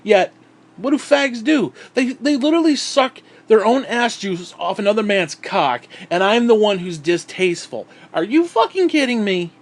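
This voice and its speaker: A man's voice: high-pitched, animated, normal speed. A man vlogging in a heated, sarcastic rant, swearing constantly. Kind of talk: profane ranting monologue.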